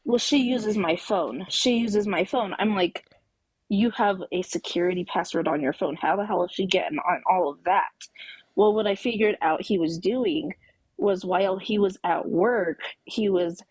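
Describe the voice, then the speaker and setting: Husky woman telling an emphatic story. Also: mid-range voice, darkish tone, dry recording, poor audio. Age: adult with children. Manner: emphatic storytelling, acts out quoted dialogue. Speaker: caller. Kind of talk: personal story on a live call-in talk show.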